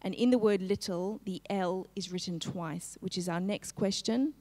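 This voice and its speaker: A woman teaching a live-streamed phonics lesson, slowly segmenting each sound in a word and prompting the class to join in. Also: medium pitch, dark tone, big-room sound. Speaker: literacy teacher.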